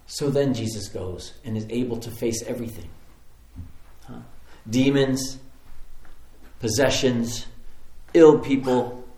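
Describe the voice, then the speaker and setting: A man who is a pastor, preaching a sermon in an animated, conversational storytelling way with repeated phrases. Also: medium pitch, slow pace, long pauses, roomy sound.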